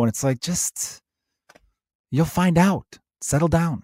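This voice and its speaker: A man's voice: a little high, slow, no echo, clean studio sound. Profane ranting male podcast host. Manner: profane, ranting, animated, conversational. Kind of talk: solo podcast rant.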